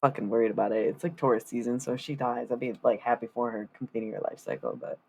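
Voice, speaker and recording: A woman's voice: a bass voice, fairly even intonation, fast talker, a little mellow, slightly rough. A woman chatting casually on a live stream as she paints, rambling and swearing freely in asides to her viewers.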